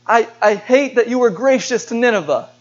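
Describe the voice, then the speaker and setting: A man's voice: extremely high pitch, expressive, normal speed, voice pushed up. A man preaching, voicing a bitter, indignant male prophet who resents mercy, in a resentful, defiant tone. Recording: dull lo-fi sermon recording.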